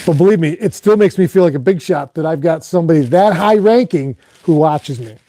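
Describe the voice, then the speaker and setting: A man's voice: a little high, expressive, brisk, warm tone, no room sound. A man, a fishing guide and host, chatting casually while he reads viewer comments, rambling along with many "um"s and restarts. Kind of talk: casual live chat reading viewer comments.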